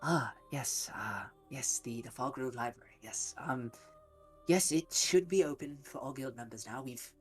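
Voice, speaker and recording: A man voicing an earnest, weary guild master character in a tabletop game, formal and halting, with faint music behind. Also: mid-range voice, close to an everyday voice. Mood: apologetic.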